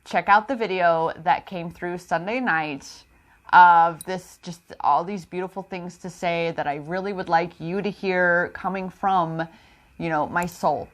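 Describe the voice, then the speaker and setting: Woman, empowerment coach, slightly low voice, raw and confiding spiritual vlog monologue. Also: steady tone, measured pace. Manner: emotional, confiding, addresses viewers as goddess; spiritual self-help talk.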